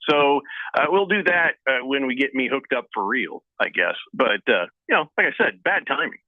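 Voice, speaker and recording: A man hosting a casual sports radio show, reading listener messages aloud in a jokey, lively way. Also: mid-range voice, no echo. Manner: jokey, lively, talks fast in spurts. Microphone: phone line into the studio. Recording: tinny phone line, dry.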